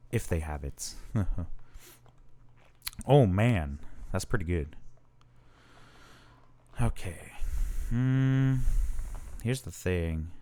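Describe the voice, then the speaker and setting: A man hosting his channel, casually commenting on his own card game match and thinking aloud with fillers and self-corrections. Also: deep voice.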